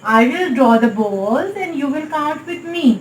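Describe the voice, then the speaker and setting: A woman with a Pakistani English accent teaching a nursery maths lesson in a slow, sing-song way, repeatedly calling on the class. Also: high voice, animated, reverberant, slight background noise, poor audio. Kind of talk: recorded online maths lesson for small children.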